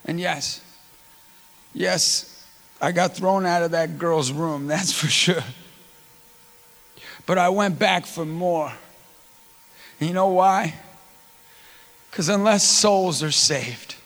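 A middle-aged man delivers a sermon woven with personal stories. His voice sits high and carries a gravelly fry, and his passion keeps swelling into near-shouts. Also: takes it slowly, pauses often, long reverb tail. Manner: impassioned, often rising to near-shouts. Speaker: preacher.

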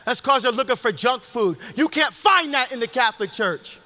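A middle-aged man preaches an emphatic, conversational Catholic sermon in a church, speaking straight to his listeners. His voice is very high, pushed and bright, animated at a moderate pace, with long hall reverb.

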